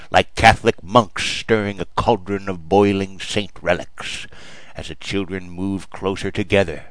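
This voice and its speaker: A man's voice: lowish voice, no echo, low-quality recording. A man preaching a mock sermon in a storytelling manner.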